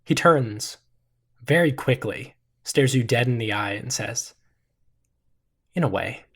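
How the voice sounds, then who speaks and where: A man narrating a tabletop role-playing game as game master, in a relaxed, descriptive way with frequent fillers. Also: medium pitch, measured pace.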